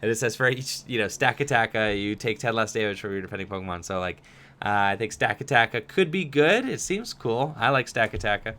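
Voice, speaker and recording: Bright, clear-voiced young man chatting. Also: lowish voice, expressive, a little fast. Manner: chatty, reads chat questions aloud, many fillers. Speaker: streamer answering viewer questions. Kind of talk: casual livestream Q&A.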